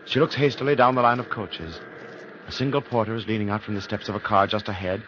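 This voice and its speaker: Deep dramatic radio narrator, man. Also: a bit bright. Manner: measured, dramatic. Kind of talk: scripted narration. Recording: dull lo-fi old radio recording with hiss.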